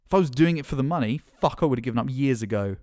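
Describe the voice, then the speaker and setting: A man's voice: mid-range voice, animated, very fast, a little mellow, no echo, studio quality. A man delivering an angry, impassioned vlog rant as a gaming YouTuber, sarcastic and swearing often. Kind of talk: ranting vlog commentary.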